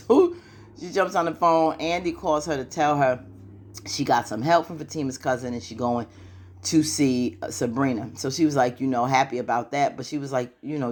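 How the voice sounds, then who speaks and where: In an extremely low voice at normal speed, a vlogger gives a casual rundown of a TV episode, chatting like a friend sharing gossip. Her slangy, loose delivery is sprinkled with "you know," and her lively storytelling keeps sliding into little voices for each character.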